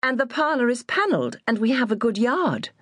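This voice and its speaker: A woman voicing a proud, quick-tempered young apothecary's daughter in an audiobook, polite but defensive. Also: a little high, sing-song, no room sound, pitched above the performer's own voice.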